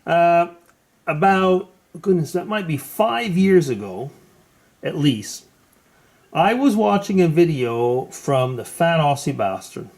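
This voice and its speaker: Guy hosting a video call chat, kinda high voice, lots of ums. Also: very animated, slow, darkish tone. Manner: hesitant, with many fillers. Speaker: host. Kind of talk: casual chat.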